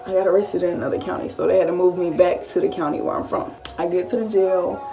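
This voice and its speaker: A woman in her late teens, telling a story-time vlog in a casual, animated style. She swears freely and often acts out what she was thinking. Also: fairly low pitch, quick pace, creaky, far from the mic, loud music behind the voice. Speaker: vlogger.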